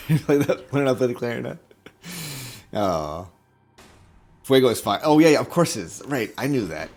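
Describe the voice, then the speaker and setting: A man's voice: mid-range voice, sing-song, moderate pace, pauses often. A man streaming a video game, chatting casually with viewers in a rambling, jokey way and chuckling at his own jokes into a desk microphone. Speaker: gaming streamer.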